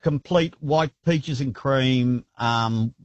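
A man calling a radio show, telling a story with many halting fillers. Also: mid-range voice, no room sound, muffled recording. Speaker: caller.

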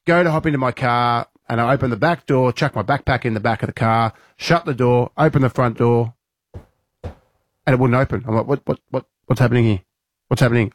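A man's voice: medium pitch, dry recording, studio quality. An Australian man, a radio co-host, telling a story with energy and acting out his own lines in a raised voice.

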